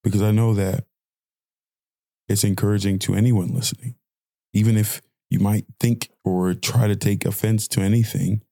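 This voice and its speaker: A man's voice: lowish voice, little pitch movement, moderate pace, gravelly, dark tone, dry recording, studio quality. A young man hosting a podcast, delivering an impassioned audio-diary rant with lots of repeated phrasing. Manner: impassioned ranting, repetitive phrasing. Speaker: podcast host.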